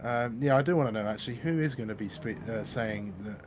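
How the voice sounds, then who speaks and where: A man's voice: medium pitch, brisk, background noise. A man as co-commentator on a sim race, giving loose analysis with many restarts. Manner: rambling analyst talk with hesitant restarts.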